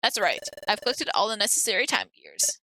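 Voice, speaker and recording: A woman doing a low, calm lizard Pokemon adventurer. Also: fairly quick, dry recording, full character voice, rough recording. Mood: steady. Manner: steady, matter-of-fact, lower than her own voice. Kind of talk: live-streamed game playthrough, reading dialogue aloud.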